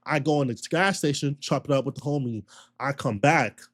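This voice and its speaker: A man streamer telling a long story in a casual, slangy rant, full of repetition and animated retellings. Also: medium pitch, fairly quick.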